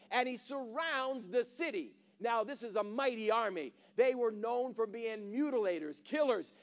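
A high-voiced male preacher delivering a sermon. He tells the story in loose, everyday words, then builds to loud rallying calls for an amen. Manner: casual storytelling, building to shouted exhortation.

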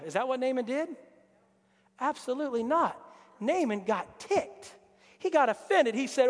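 A man preaching a lively sermon to his congregation, acting out Bible characters in put-on voices. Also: very high-pitched, normal speed. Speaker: pastor. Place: church hall. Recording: long reverb of a church hall.

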